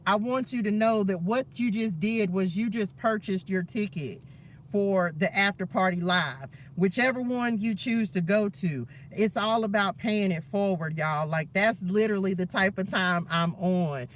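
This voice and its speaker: A man's voice: high-pitched, unhurried, fairly bright tone, slight background noise. A man hosting a spiritual live stream, talking fervently and preachily to his viewers and calling them "y'all".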